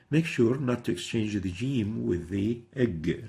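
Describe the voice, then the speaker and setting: A man's voice: lowish voice, expressive, measured pace, creaky, hardly any pauses, dark tone. A middle-aged man teaching Quran recitation in a methodical lesson, repeating example words to demonstrate each sound. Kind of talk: instructional lesson.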